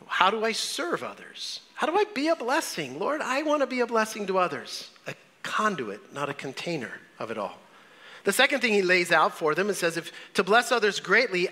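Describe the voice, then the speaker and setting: A man preaching a sermon as pastor, earnest and urging, his voice swinging from loud highs to soft lows. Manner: earnest, rising and falling in pitch and volume, preaching with pauses.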